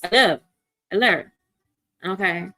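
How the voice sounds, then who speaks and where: A woman's voice: lowish voice, pushed and bright, faint music behind, low-quality recording. A woman hosting a casual livestream, talking bluntly and profanely, reading viewer comments aloud and answering them, often restarting her sentences. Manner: blunt, profane, fast rants with repeated restarts. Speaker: livestream host. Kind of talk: casual unscripted livestream talk. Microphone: computer mic on a livestream.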